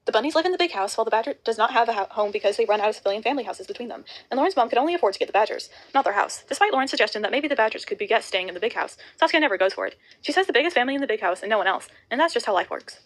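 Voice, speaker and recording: A woman reading a novel aloud, rushing and often stumbling over words. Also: a little high, expressive, poor audio. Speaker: audiobook reader.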